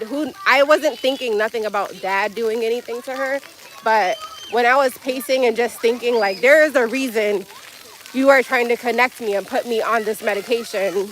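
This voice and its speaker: High-voiced woman telling a frank story outdoors. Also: moderate pace, fairly bright tone, slight background noise, rough recording. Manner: frank, emotional, swears freely, breaks off to talk to her child. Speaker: livestreamer mother. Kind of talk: candid livestream storytelling. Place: outdoors at a splash pad.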